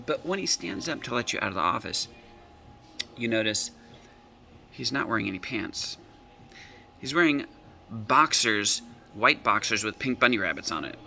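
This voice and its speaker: Gravelly, forceful coach telling stories. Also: male voice, mid-range voice. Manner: acts out clients' quoted lines in dialogue. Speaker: emotional reset coach. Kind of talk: storytelling talk with client examples.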